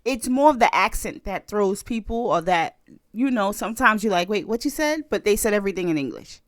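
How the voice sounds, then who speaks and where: With a mid-range voice and a slightly fast delivery, a woman from the United States co-hosts a podcast full of casual chat, lively storytelling and frequent laughs. It's studio quality, with no echo.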